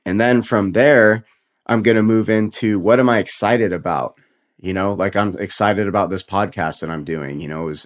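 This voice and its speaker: Low-voiced candid male podcaster. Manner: casual, candid, swears freely. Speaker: podcast host. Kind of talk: solo motivational podcast talk.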